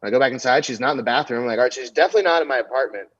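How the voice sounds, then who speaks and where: On a podcast, a young male comedian guest tells a crude, raunchy anecdote at a very fast pace, full of fillers and told with animation. His medium-pitched voice has a breathy edge, and the recording is dry and slightly dull.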